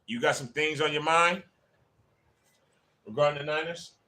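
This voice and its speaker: Bright, slightly high male host, chatty and friendly with live chat viewers. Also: normal speed. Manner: chatty, greets viewers by name. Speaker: livestream host. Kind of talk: casual livestream chat.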